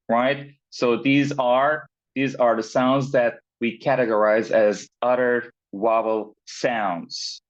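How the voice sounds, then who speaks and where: A man teaching pronunciation in an online class, talking slowly with many fillers, repeats and checks of "right?". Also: medium pitch, steady tone. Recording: dull, lo-fi sound.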